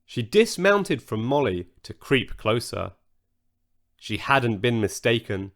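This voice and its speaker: A man narrating a children's story aloud in an expressive storytelling manner. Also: medium pitch, slow.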